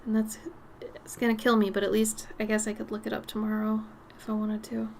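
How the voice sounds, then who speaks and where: A woman with a raspy, smoky voice chatting casually while she paints on a live stream, her nose a little stuffy. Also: medium pitch, completely flat delivery, fairly quick, slight background noise. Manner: chatty, drifts between topics, soft murmured asides.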